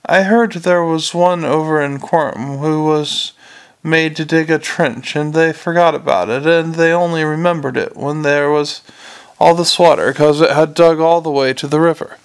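Guy doing a dim blustery watch sergeant, gravelly and a bit high, sure of himself. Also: steady tone, moderate pace, lightly acted. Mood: gossiping. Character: slow, blustering middle-aged male watch sergeant.

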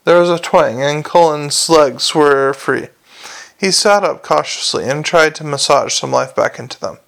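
Gravelly man reading a comic novel. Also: on the high side, measured pace, fairly bright tone. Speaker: audiobook narrator.

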